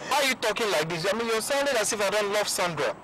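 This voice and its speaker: A man's voice: high-pitched, expressive, quick pace, over music, low-quality recording. An actor playing a young man torn between his lover and his family, with a Nigerian accent, speaking wearily. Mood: exasperated. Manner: weary, exasperated.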